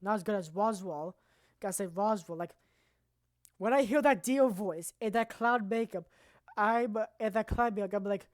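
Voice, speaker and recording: A woman streamer presenting anime awards in casual, rambling, profane commentary that now and then bursts into loud shouting. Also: mid-range voice, normal speed, dry recording, studio quality.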